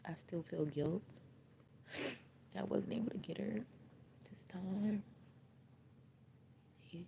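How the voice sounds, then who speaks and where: A grieving mother talking on a livestream in a raw, halting way, often repeating herself. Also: medium pitch, gravelly, warm tone. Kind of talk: emotional casual livestream talk. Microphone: phone livestream. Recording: dull lo-fi livestream audio, faint noise.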